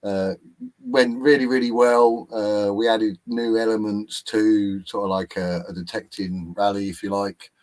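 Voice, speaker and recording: Deep-voiced British man, friendly guest. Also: steady tone, measured pace, poor audio. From England. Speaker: guest, event organizer. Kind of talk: interview answers.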